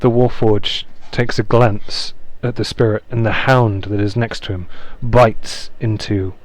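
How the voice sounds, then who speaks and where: A man narrating a tabletop game as its game master in a slow, theatrical way. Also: on the low side, fairly even intonation.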